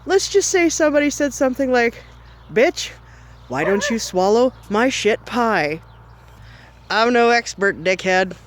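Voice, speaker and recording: A man's voice: high voice, a bit bright. A man playing a brash foul-mouthed middle-aged mom, ranting sarcastically and mockingly to the camera in a comedic vlog. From Canada. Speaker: comedy vlogger.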